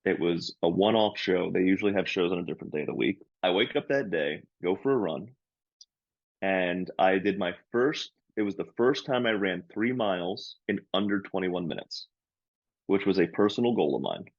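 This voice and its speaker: A comedian co-hosting a podcast tells a story in casual chat, animatedly acting out the people's lines and delivering quoted parts loudly. His voice sits low with vocal fry at normal speed, and the audio is dull with no echo.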